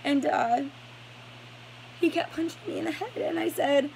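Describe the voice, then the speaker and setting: A woman telling her own story to the camera, halting, with many fillers and restarts and blunt swearing, while stressed and starting to get a headache. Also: high-pitched, vocal fry, darkish tone, a little hiss or hum, poor audio.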